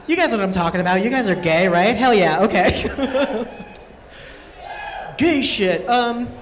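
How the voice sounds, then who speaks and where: A woman performs stand-up comedy on an event stage in a large hall, chatty and playful, often laughing through her lines. Her medium-pitched voice is expressive and slow, with long stage-hall reverb and slight background noise.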